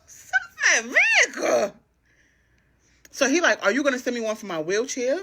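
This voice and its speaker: A woman telling a dating story on a talk show, slangy and expressive, acting out both sides of each conversation. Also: on the high side, normal speed. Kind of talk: animated story time.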